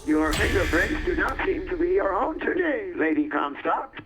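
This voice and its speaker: An actor playing a polite, formal mechanical gatekeeper in a video game, heard as game audio. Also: male voice, high voice, lively intonation, moderate pace. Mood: courteous. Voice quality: formal, courteous. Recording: game audio with loud background noise.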